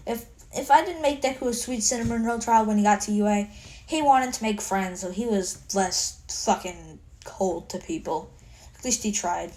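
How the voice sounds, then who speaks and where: A woman's voice: medium pitch, normal speed, darkish tone. A tired woman casually retelling her fan story in a rambling way, with a lot of swearing and self-mockery.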